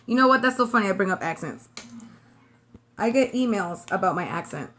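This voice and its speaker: A woman's voice: mid-range voice, animated, brisk, a bit bright, a little hiss or hum. A woman from Brooklyn with a New York accent touched by a slight Southern twang, chatting casually as she does her makeup at home. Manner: chatty, talks while applying makeup, drifts off topic. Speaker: beauty vlogger. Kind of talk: casual makeup tutorial chat.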